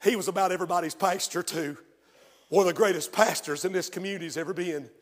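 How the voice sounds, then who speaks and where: A man preaching a sermon as pastor, moving from hushed storytelling to shouted, fervent praise. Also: high-pitched, quick pace. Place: church sanctuary. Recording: long hall reverb of a church.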